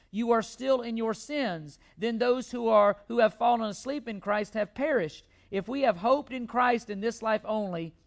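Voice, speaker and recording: Male pastor, emphatic sermon delivery, repeats key words for weight. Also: high-pitched. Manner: emphatic preaching with repeated phrases and restarts.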